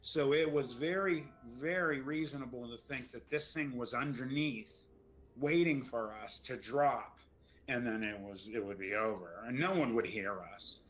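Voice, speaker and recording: A man's voice: medium pitch, unhurried, fairly bright tone, low-quality recording. A middle-aged man telling a frightening story, shaken and stammering, repeating his words as he goes. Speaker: storyteller recounting an encounter. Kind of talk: emotional first-person storytelling.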